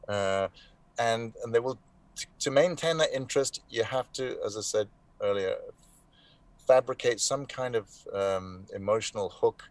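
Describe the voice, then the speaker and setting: A man's voice: medium pitch, unhurried, dry recording. A man answering interview questions as a voice actor guest, telling his story reflectively and with emphatic bursts. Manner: reflective, emphatic storytelling with sudden swings in loudness. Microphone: online live call.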